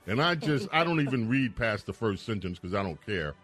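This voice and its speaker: Lively male talk radio host. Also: on the low side, brisk, soft background music. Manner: lively, dry joking asides. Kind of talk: casual talk radio chat.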